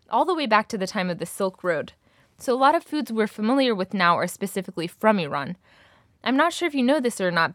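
A young woman teaching a language lesson, clearly modelling words slowly for her student to repeat. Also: mid-range voice, a bit bright, no room sound, studio quality.

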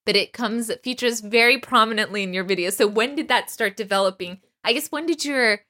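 Woman interviewer with a bright voice, easy conversational questions. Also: on the high side, brisk. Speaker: interviewer, host. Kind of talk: casual interview chat.

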